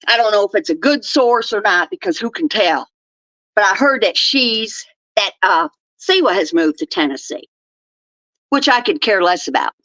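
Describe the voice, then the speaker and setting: A woman's voice: fairly high pitch, pushed and bright, dry recording, poor audio. An older woman from Texas, hosting her own show with blunt, profane, scolding rants. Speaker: show host. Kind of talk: ranting commentary.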